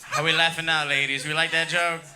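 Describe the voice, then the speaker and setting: A brash male comedian working a club crowd with crude jokes, needling the audience as he goes. His voice sits slightly high for a man, and clear room noise from the club carries behind him. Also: little pitch movement, brisk. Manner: brash, crowd-baiting, tags jokes with "dog" and "you know what I mean". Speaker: stand-up comedian. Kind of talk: crude stand-up set.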